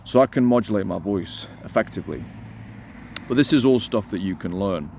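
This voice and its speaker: A man coaching listeners on voice and delivery, energetic and emphatic, repeating his key points and slowing down to demonstrate. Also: vocal fry, slight background noise. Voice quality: resonant voice. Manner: deliberately slows and lowers voice to demonstrate. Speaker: dating coach. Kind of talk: instructional talk to camera.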